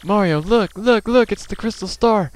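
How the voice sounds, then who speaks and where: A man voicing an excited young video game sidekick, reading the game's dialogue aloud with breathless, squealing excitement. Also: high-pitched, moderate pace, pitched above the performer's own voice, close to an everyday voice. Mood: thrilled.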